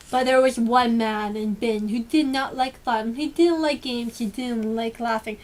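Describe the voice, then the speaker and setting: A woman reading a children's storybook aloud with lively, expressive storytelling. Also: fairly high pitch, measured pace, hardly any pauses. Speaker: storybook reader.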